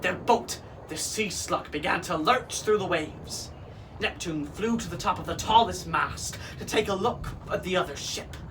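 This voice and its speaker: A man performing as a pirate king, reading a storybook aloud to children in a slow, expressive way. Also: high-pitched. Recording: voice from some distance off with faint hiss.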